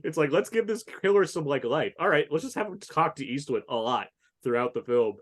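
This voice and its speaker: A man co-hosting a podcast in a casual film discussion, animated, laughing often and swearing casually. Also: a little high, brisk. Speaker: podcast co-host.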